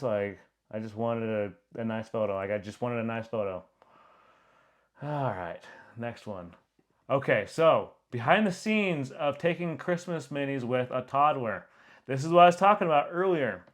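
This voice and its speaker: A young man, a photographer, giving casual reaction commentary, rambling with lots of fillers and frequent laughter. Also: medium pitch.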